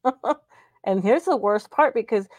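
A woman co-hosting a relaxed talk show, her slightly higher voice breaking into giggles as she chimes in with short, supportive reactions. The sound is dry and close-miked, with no room echo. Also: measured pace. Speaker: podcast co-host. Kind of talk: casual chat.

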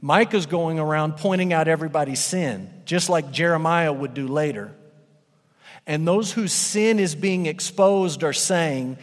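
A man preaching a sermon emphatically, his voice rising and then dropping low for effect. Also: a little slow. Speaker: pastor. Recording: long hall reverb.

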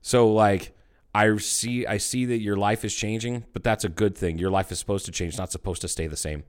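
A man's voice: on the low side, steady tone, moderate pace. Blunt, sweary man telling stories. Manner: blunt storytelling, heavy swearing. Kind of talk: casual chat.

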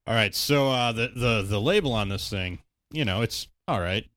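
A man's voice: on the low side, expressive, normal speed, fairly bright tone, no echo. Laid-back, swearing Midwestern man. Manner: laid-back, profane, hesitant with many fillers. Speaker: podcast co-host. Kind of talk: casual beer-tasting chat.

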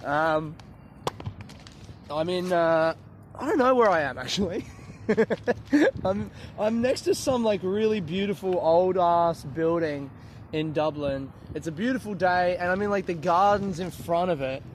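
A man's voice: high voice, moderate pace, a little hiss or hum. A man hosting his own podcast in casual solo chat, rambling, swearing freely and poking fun at himself while sitting in an outdoor city garden without his proper microphone. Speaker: podcast host. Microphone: no proper microphone, lower-quality recording.

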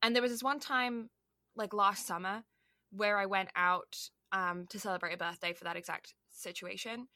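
A woman's voice: mid-range voice, steady tone, moderate pace, bright, forceful tone, no echo, studio quality. A young Canadian woman co-hosting a podcast, chatting casually and rambling with lots of "like" and "um". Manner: rambling, heavy on "like" and "um". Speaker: podcast co-host. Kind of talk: casual chat.

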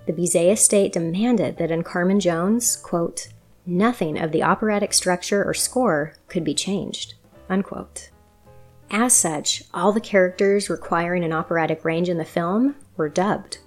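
Woman w a lowish voice doing documentary narration, steady storyteller, soft music under it. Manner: measured storytelling, quoting sources.

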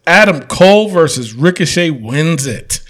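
A man's voice: a little high, lively intonation, unhurried, a bit bright. A man hosting a casual podcast chat, laid-back and joking, swearing freely. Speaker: podcast host.

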